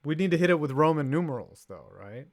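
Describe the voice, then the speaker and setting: A man's voice: on the high side, animated, fast. A young man co-hosting a sports podcast, casual and sarcastic, reading viewer messages aloud. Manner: jokey, sarcastic, reads viewer chats aloud. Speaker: podcast co-host.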